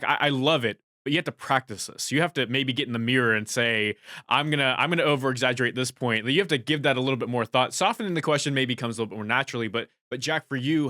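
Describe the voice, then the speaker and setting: A male podcast host with a bright, pressing tone asks long questions that wander and restart. His voice is close and dry, with no room around it. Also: medium pitch, clear, resonant tone, no echo. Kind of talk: interview questions.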